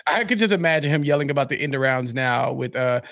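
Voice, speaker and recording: A man co-hosting a casual TV recap podcast, playful and animated, laughing as he riffs on the plot. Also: mid-range voice, fast talker, gravelly, no echo. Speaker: podcast co-host.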